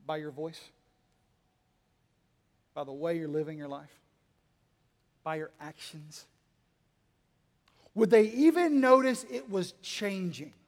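Male pastor, high voice, dynamic sermon delivery with humor, hall reverb. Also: slow, pauses often. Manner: dynamic, swinging between quiet asides and loud emphatic lines; humorous, teasing the congregation. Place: church hall.

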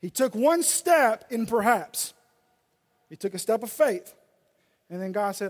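A male pastor preaching a sermon and reading scripture aloud, swinging between loud and soft delivery. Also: very high-pitched, animated, normal speed. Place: church sanctuary. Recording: long reverb of a large hall.

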